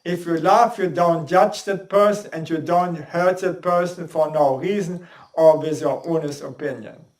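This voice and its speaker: A man giving a spoken lesson on how to use the voice, in deliberate, non-native English and demonstrating sounds as he goes. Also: fairly high pitch, steady tone. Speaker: voice and speaking coach. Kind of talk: instructional talk on speaking. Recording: roomy echo.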